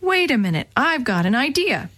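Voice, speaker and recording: A woman reads a curious young boy in a storybook, his voice lifted high above her own. He sounds eager and earnest. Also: big pitch swings, moderate pace, fairly bright tone, heavily acted. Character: young boy who uses a wheelchair, curious and determined.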